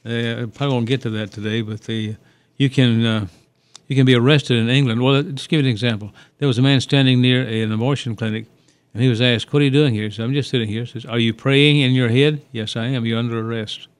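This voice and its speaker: A man's voice: mid-range voice, steady tone, fast, clear, resonant tone, no room sound. A man hosting a casual radio talk show, rambling and hesitant with lots of fillers and opinions.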